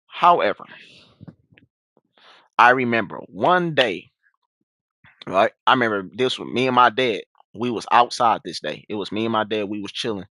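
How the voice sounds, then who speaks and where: A young man telling a story in a casual, slangy way, acting out the quoted lines in a raised voice. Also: no echo. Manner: animated, slangy, acts out quotes in a high voice.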